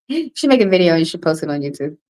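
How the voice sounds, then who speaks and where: A woman's voice: on the low side, darkish tone, poor audio. A woman doing a casual livestream tarot card reading, talking bluntly and profanely with rambling asides.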